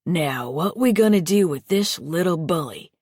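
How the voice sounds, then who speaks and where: A woman's voice: on the low side, animated, moderate pace, darkish tone, husky, no echo, studio quality. Woman doing Lester, sing-songy sleazy man. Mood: mocking. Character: mocking sleazy grown man.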